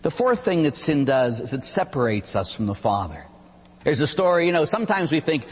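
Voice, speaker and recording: A Catholic priest preaches with a lively, swooping delivery and a husky, somewhat high voice. He moves through stories and points energetically, and his words ring in a reverberant hall. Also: brisk. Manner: animated storytelling preacher. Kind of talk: sermon.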